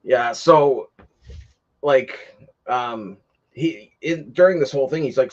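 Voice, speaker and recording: A man's voice: medium pitch, takes it slowly, pauses often, darkish tone, lo-fi sound. A man hosting a casual livestream, telling a long rambling story with lots of fillers and restarts. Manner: rambling, many fillers, gets heated retelling. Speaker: livestream host.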